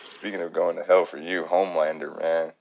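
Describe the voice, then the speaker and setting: A man with a low, gravelly voice that drops into fry, chatting casually on a podcast. He tells profane work stories, laughs often and breaks into quick impressions of people he talks about. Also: flat delivery, a little mellow, highs cut off. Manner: profane, storytelling, laughs a lot, mimics people in quotes. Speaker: podcast co-host. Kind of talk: casual chat.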